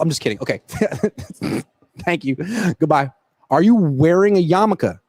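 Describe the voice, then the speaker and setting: This sports reporter and host, a man with a fairly high, darkish voice, speaks at a measured pace with lively intonation. Joking and rambling, he answers viewer questions on a casual livestream from a football stadium via a laptop's built-in camera mic, with no echo.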